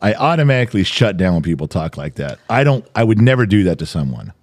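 A man's voice: low-pitched, big pitch swings, fast talker. An older man co-hosting a podcast in casual chat, ranting and swearing freely. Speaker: podcast co-host.

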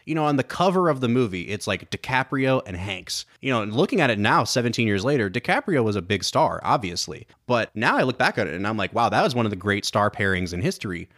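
A man's voice: fairly low pitch, big pitch swings, quick pace, hardly any pauses, a bit bright. A man co-hosting a casual film podcast, talking enthusiastically and analytically about a movie. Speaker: podcast co-host.

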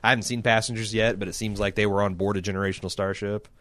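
A man in casual podcast chat, animated and cursing, who slips into high mocking voices when he quotes people. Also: racing, dry recording, clean studio sound.

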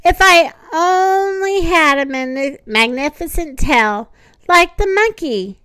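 A woman's voice: extremely high pitch, animated, slow, fairly bright tone, dry recording, pitched above the performer's own voice, full character voice. A woman reading aloud and voicing a sad, self-conscious female hippopotamus in a wistful, mournful tone. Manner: wistful, mournful sighing delivery. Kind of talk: storybook read-aloud.

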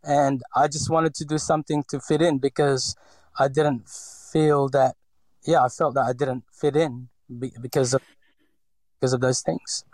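A man's voice: mid-range voice, fairly even intonation, a little slow, a little mellow, no room sound, rough recording. A man in his forties from the Philippines with a slight Filipino accent, telling his story in a hesitant interview full of fillers and restarts. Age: 40s. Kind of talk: reflective personal interview.

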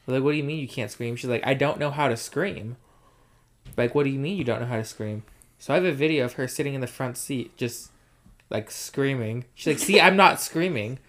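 A man's voice: mid-range voice, fairly quick. A man in a casual chat, teasing the others and telling stories. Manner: teasing, animated storyteller.

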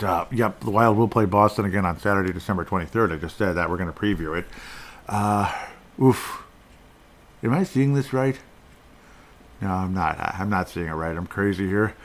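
A man hosting a solo sports podcast, rambling and correcting himself with frequent chuckles. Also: lowish voice. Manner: rambling, self-interrupting, chuckles often. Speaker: podcast host.

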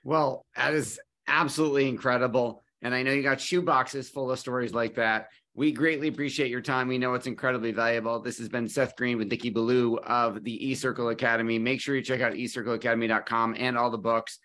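Upbeat male show host, mid pitch, closing out the episode. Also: steady tone, a little fast, few pauses, sharp tone. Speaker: interview host. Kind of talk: show sign-off.

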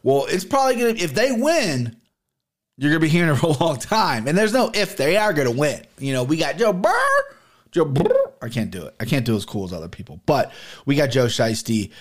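A man hosting his own podcast, talking casually in a rambling, excitable way and swearing often. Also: fairly high pitch, a little fast. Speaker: podcast host. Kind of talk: casual solo podcast talk. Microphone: camera and podcast mic.

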